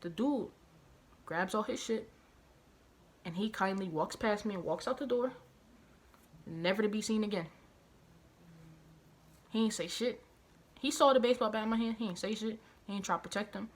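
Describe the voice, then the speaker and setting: A woman vlogger telling a personal story, animated and profane, hammering her points home through repetition and outraged disbelief. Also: mid-range voice, brisk, pauses often. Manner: animated, profane, emphatic retelling with heavy repetition; outraged, incredulous. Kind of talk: storytime vlog.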